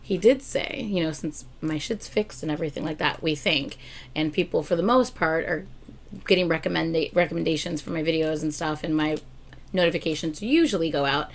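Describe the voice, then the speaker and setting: A woman's voice: low-pitched, brisk. A young woman hosting a casual livestream, chatting to viewers and telling stories with a lot of laughter. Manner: chatty and animated, bursts into loud laughter. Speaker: livestream host.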